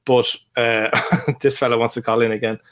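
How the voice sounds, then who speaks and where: A middle-aged man talks in an open, unguarded way, drifting from one thought to the next. His voice sits at an ordinary middle pitch, and he keeps circling back with little asides and fillers as he co-hosts a relaxed chat show. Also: moderate pace. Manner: rambling, candid storytelling with laughs and fillers. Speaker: podcast co-host. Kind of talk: casual chat.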